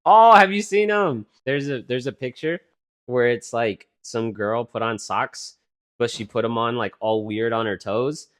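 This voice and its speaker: A man's voice: mid-range voice, unhurried. Young man, podcast co-host. Mid-range voice, rambling, teasing, lots of fillers. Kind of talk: casual podcast chat.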